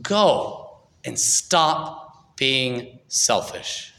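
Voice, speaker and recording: Man doing a firm, measured male teacher, grave and unhurried, bright tone, echoey hall. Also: mid-range voice, big pitch swings, vocal fry, full character voice. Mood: solemn. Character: calm, firm male teacher speaking with authority. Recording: echoey hall with long reverb.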